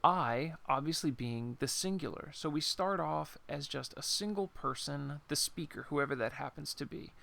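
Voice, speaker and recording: A man teaching a poem in an informal, unscripted lesson, pausing to think and reading verse lines slowly. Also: on the high side, creaky, bright, forceful tone. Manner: unscripted, thinks aloud with pauses and apologies. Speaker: poetry teacher.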